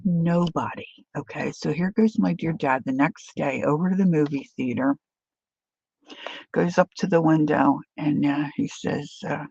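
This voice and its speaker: A middle-aged woman with a gravelly voice, telling a family story in a chatty, animated way while she crafts. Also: low voice, measured pace, no echo, highs cut off. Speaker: craft vlogger.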